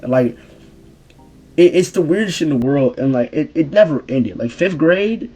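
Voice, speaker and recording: A young man telling a profane, slangy story about his school days, jumping from loud exclamations to low mumbled asides. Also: husky. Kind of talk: casual storytime rant.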